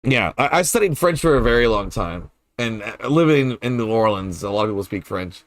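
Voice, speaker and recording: A man's voice: on the low side, animated, brisk, dry recording. A man streaming a game and chatting casually with his viewers, puzzling aloud over pronunciations, hesitant and repeating his words, curious and playful. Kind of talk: casual chat with viewers while gaming.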